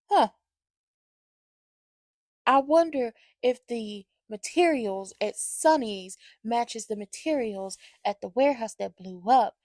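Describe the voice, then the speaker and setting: A woman's voice: on the high side, animated, unhurried, gravelly, darkish tone, dry recording. A woman giving an opinionated soap opera recap in a sassy, slangy, ranting way.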